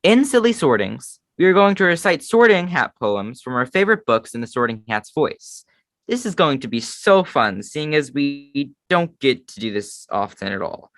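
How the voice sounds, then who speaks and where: A man's voice: mid-range voice, moderate pace, no room sound. A man from the United States co-hosting a fan show, chatting casually and joking about himself. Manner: self-deprecating, animated, lots of fillers. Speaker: podcast co-host. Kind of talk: casual chat.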